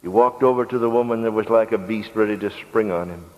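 Low-voiced preacher in a reverberant hall. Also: male voice, fast talker, narrow, tinny audio. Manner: soft, repetitive emphasis. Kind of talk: sermon storytelling.

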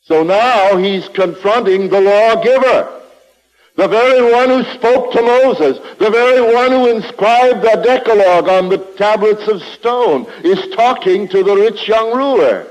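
A man's voice: sits high, lively intonation, unhurried, a little mellow. A man preaching a sermon with an emphatic, repetitive cadence. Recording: long reverb of a large hall.

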